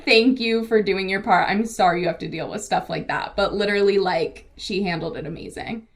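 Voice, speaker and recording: A woman's voice: mid-range voice, brisk, creaky. A young woman from the San Diego area co-hosting a casual weekly recap, chatty and laughing often. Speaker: co-host. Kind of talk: casual news recap chat.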